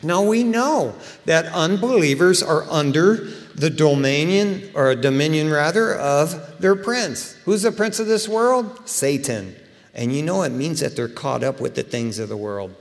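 A middle-aged man preaching a sermon in a casual, animated storytelling way, acting out quotes. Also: fairly high pitch, unhurried, vocal fry, in a large hall. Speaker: pastor.

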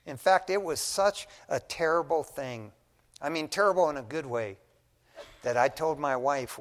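A middle-aged man, a pastor, giving a casual, animated sermon full of stories, often saying "man". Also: fairly high pitch, unhurried. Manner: folksy, animated storytelling preacher, says "man" often. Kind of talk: conversational sermon. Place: church sanctuary. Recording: long reverb of a large church hall.

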